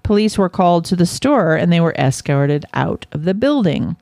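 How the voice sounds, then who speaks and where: A woman's voice: on the low side, lively intonation, normal speed, creaky, darkish tone, no room sound. Giggly woman podcast co-host, dry sound. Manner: giggly, laughs through her reading of news. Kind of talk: casual podcast chat.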